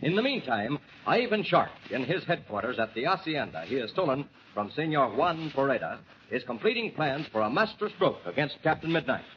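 A man's voice: medium pitch, very animated, a little fast. A man working as a radio announcer, hearty and folksy in a 1940s style. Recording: dull old radio broadcast, faint hiss.

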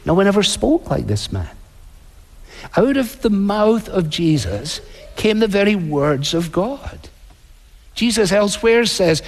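A male pastor delivering a sermon in a measured preaching manner, slowing down to act out quoted voices. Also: high voice, very animated, in a large hall.

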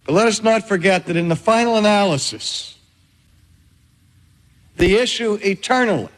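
An older man preaching a sermon in a measured, emphatic way with dramatic pauses. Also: high-pitched. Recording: reverberant hall.

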